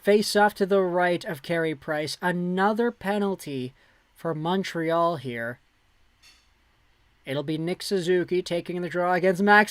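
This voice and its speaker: A man calling hockey play-by-play on his own livestream, excitable and jumping up loud on big saves. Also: a little high, unhurried, smooth, no room sound. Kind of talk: play-by-play commentary.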